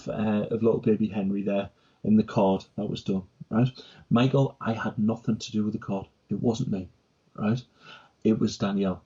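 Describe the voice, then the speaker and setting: A company director co-hosts a casual business chat, his lowish, warm, husky voice captured with lo-fi sound. He's talkative and keeps tagging his sentences with "right?" and "yeah?"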